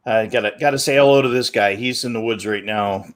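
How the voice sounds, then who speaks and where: A man's voice: lowish voice, fairly quick. A man co-hosting a casual podcast chat, asking guests questions in a friendly way. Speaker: podcast co-host.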